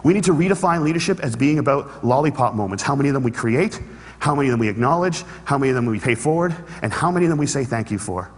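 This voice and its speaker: A man's voice: medium pitch, animated, fast. A man giving a motivational talk to an audience, telling a story with humor and earnest conviction. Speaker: public speaker. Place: large hall with an audience. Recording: long hall reverb.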